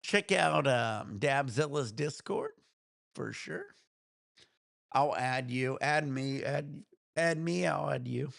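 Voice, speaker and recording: Gravelly, laid-back male streamer. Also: mid-range voice, a bit bright, dry recording, clean studio sound. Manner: laid-back, rambling, quick to laugh. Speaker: livestream host. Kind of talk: casual livestream chat.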